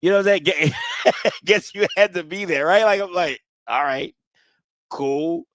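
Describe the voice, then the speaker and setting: A man's voice: sits high, brisk, a bit bright, no echo. A man hosting a casual sports talk show, trash-talking rival fans with lots of repetition and rhetorical questions. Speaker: podcast host.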